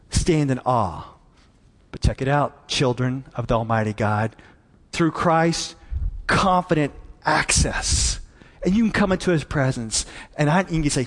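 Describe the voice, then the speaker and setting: Earnest preacher man, kinda high voice, stumbles and repeats words, big echoey hall. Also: expressive, moderate pace. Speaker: pastor. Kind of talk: sermon.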